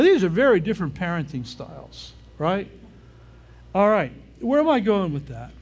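The older man's voice leans high yet carries a darkish, slightly rough tone. As a pastor he preaches in a relaxed, conversational way, frequently checking in with the audience.

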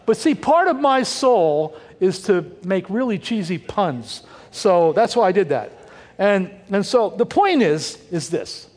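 High-voiced older man preaching in a hall. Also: a little mellow. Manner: conversational, punny, asks the congregation questions. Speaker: pastor. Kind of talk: sermon.

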